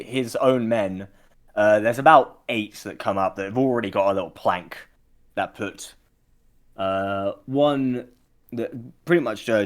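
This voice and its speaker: A man narrating a tabletop game as game master, hesitant and full of fillers. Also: fairly low pitch.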